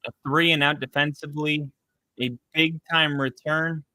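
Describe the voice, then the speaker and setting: A man's voice: a little high, flat delivery, moderate pace, no room sound, poor audio. A man hosting a live football reaction stream, chatting casually and reacting to plays. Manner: casual, reacts loudly to plays and baby-talks his dog. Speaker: livestream host.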